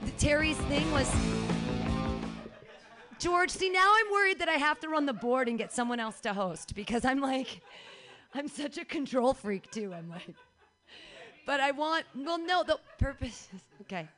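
A woman hosts a comedy show in a small bar venue. She speaks to the audience casually and quickly, rambling and talking over herself. Her voice sits slightly high. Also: expressive, fairly bright tone, faint music behind. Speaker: show host. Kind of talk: casual address to a live audience.

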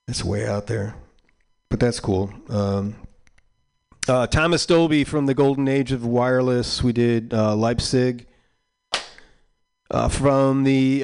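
A man in his sixties hosting a community radio show, chatting casually between records in a rambling, halting way. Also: mid-range voice, darkish tone, clean tone.

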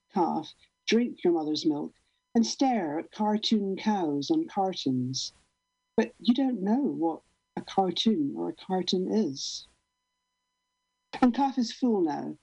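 A woman poet giving a deadpan, rhythmic poetry reading over a video call. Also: fairly low pitch, slightly rough, no echo. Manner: deadpan, rhythmic, repetitive delivery. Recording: dull lo-fi online call audio.

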